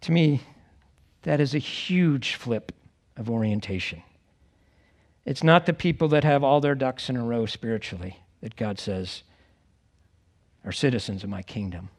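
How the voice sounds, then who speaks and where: A man preaching a conversational sermon to a congregation, acting out quoted voices with lively expression. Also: medium pitch, unhurried, long pauses. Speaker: pastor.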